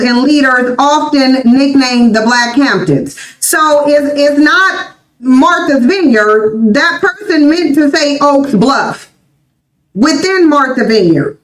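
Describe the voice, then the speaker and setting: A woman's voice: sits high, a bit bright, roomy sound, low-quality recording. A woman hosting a livestream, reading viewer comments aloud and reacting bluntly in casual commentary. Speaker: livestream host.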